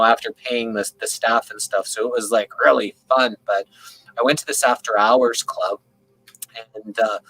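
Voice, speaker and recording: A man telling a long, rambling story in casual conversation on a video call, keeping it animated and often checking in with the listener. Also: medium pitch, low-quality recording. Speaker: open panel participant.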